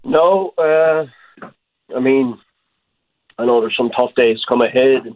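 A man, a hockey coach, speaking haltingly with many fillers and repeated words in a phone interview. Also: medium pitch. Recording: tinny phone line.

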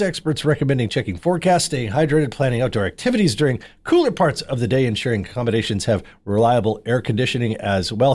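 A man reading local radio news and weather in a brisk, clipped headline style. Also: mid-range voice, darkish tone. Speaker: newsreader.

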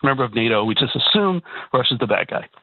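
Talking fast with lively intonation in a medium-pitched voice, a Canadian man on a call-in radio show stammers through restarts, agitated and repetitive. The recording is dry over a tinny phone line.

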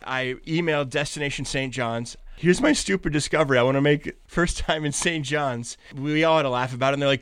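A man's voice: medium pitch, brisk, hardly any pauses, a bit bright, clear, resonant tone, no room sound, clean studio sound. A man from Pittsburgh, a traveling content creator, telling stories as a guest in an interview and acting out what people said to him. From Pittsburgh, USA. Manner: enthusiastic storyteller, acts out quotes. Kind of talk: animated interview chat.

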